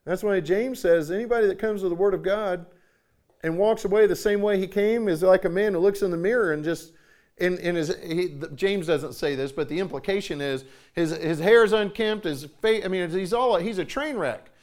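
A man in his forties preaching a sermon in a folksy, animated storytelling way, often repeating himself for emphasis. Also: high-pitched, normal speed. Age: 40s.

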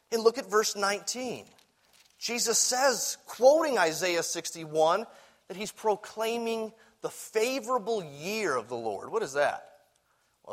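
A man preaching a sermon, animated, swinging from loud emphasis to quiet asides and sometimes repeating words as he restarts. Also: high voice.

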